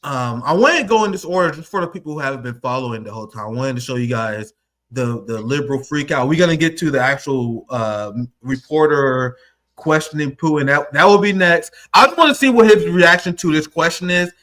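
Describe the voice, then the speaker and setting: A man's voice: on the high side, lively intonation, brisk, fairly bright tone. A man hosting a political commentary stream, talking casually with profanity and acting out quotes in mock voices.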